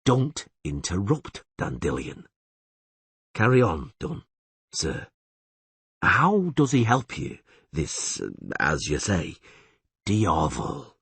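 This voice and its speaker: Guy doing calm patient monster hunter, low husky voice, dry. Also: no echo, exaggerated voice. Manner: calm, level, measured.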